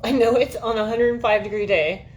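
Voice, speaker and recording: Chatting to viewers on a livestream from her air-conditioned home, this woman rambles, curses freely and frequently laughs at herself. She speaks briskly with a fairly high pitch and fairly even intonation; some slight background noise is audible.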